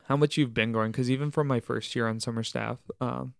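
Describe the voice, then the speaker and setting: A man's voice: medium pitch, steady tone, fairly quick, vocal fry, no room sound, studio quality. A young man co-hosting a podcast, talking earnestly about camp staff, leading by example and faith in everyday life. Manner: earnest, preachy, uses church wording. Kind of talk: casual reflective podcast chat.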